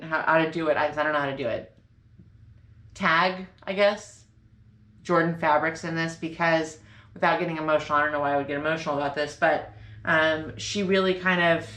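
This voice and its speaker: A woman's voice: low voice, fairly bright tone. A woman hosting a sewing vlog from her home sewing room, bubbly and rambling, often correcting herself. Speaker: sewing channel host. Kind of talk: casual chatty sewing vlog. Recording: echoey room with faint ambience.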